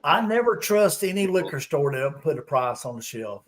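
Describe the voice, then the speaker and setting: A man's voice: a little high, very animated, moderate pace. A man hosting a live casual group chat, telling stories in a laid-back way. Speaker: live show host.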